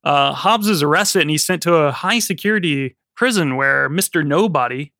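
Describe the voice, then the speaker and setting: Bright-voiced man recapping a film, swearing freely. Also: a little high, expressive, moderate pace, dry recording, studio quality. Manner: swears freely while retelling plots, laughs often. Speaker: podcast co-host. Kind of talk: casual film recap chat.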